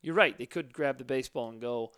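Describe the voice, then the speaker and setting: A man's voice: medium pitch, pushed and bright, clear, resonant tone. A man hosting a podcast, chatting casually and enthusiastically with his guest. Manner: enthusiastic, chatty, quick affirmations. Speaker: podcast host.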